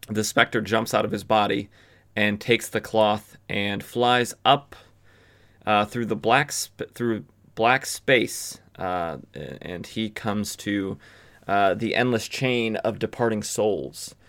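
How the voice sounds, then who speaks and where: Low-voiced man recapping old comics. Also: takes it slowly, a bit bright. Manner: chatty, lots of filler, wry asides. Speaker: podcast host. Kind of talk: casual comic book recap.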